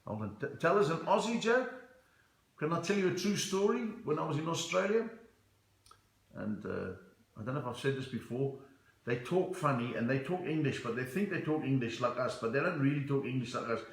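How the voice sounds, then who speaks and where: A middle-aged South African stand-up comedian with a South African accent chats on a live stream, reading viewer comments and telling stories for comedy. His mid-range voice is creaky and brisk with lively intonation, in a reverberant, low-quality recording.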